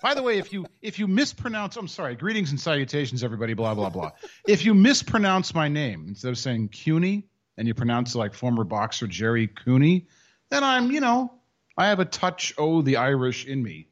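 A man's voice: a little high, big pitch swings, fairly quick, dull audio. A man co-hosting a sports radio show, wisecracking and often laughing. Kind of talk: casual banter.

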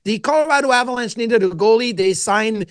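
Man, middle-aged, podcast guest, high pitch, lively storytelling, dry recording. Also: brisk, clear, resonant tone, no echo. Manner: animated storyteller who acts out his own quotes. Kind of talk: casual storytelling interview.

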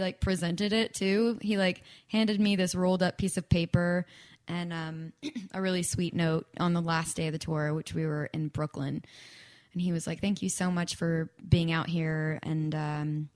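A woman's voice: lowish voice, steady tone, moderate pace. Chatty young woman, filler-heavy. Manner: chatty, frequent "like" and "um". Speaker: guest songwriter. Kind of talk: casual interview chat.

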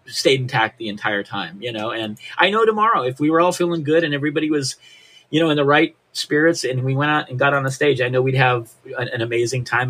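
Husky, bright-voiced older man musician. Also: medium pitch. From Reno, Nevada, USA. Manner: rambling, frequent restarts and "you know". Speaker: punk musician guest. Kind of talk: casual podcast interview.

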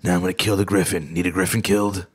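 A man mocking a gruff, flat-voiced male monster hunter from a video game, talking low and clipped. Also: fast talker. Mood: deadpan gruff.

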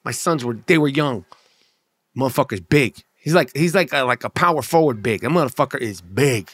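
A man's voice: medium pitch, fairly bright tone, no room sound, clean studio sound. A middle-aged man telling a comic story in a brash, boastful, rambling way, swearing heavily.

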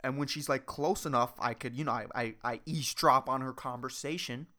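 A woman's voice: extremely low pitch, fairly quick. A woman hosting a solo podcast rant, rambling, swearing a lot and cutting herself off, over-caffeinated. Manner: profane, rambling, excitable, self-interrupting. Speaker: podcast host.

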